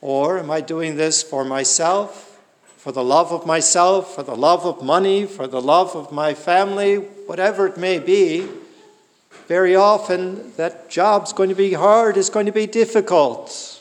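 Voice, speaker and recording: A man's voice: high-pitched, fairly even intonation, a little slow, in a large hall. A man preaching a sermon in an earnest way, asking the listeners rhetorical questions.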